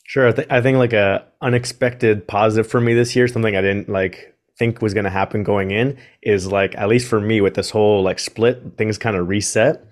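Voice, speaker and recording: A man's voice: lowish voice, steady tone, fairly quick, few pauses. A man on a podcast talking in casual chat, rambling with many fillers. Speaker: podcast guest.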